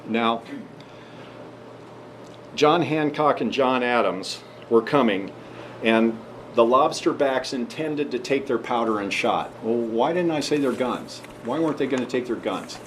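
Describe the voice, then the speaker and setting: A man's voice: mid-range voice, animated, a little slow, a little hiss or hum. A man addressing an audience in a conversational history talk, telling the story and asking emphatic rhetorical questions. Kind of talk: history talk and advocacy speech.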